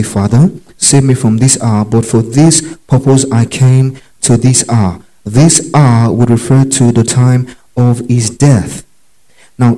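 A man's voice: mid-range voice, warm tone, rough recording. A man preaching a Bible teaching, methodically reading verses aloud, telling listeners to underline words and checking that they follow. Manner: checks understanding with quick questions.

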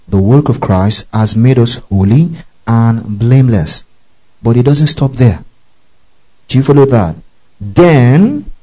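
A man's voice: on the low side, mellow, rough recording. A man teaching a Bible study, reading verses aloud and often asking the class if they follow. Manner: checks in often with the class, spells out Greek words.

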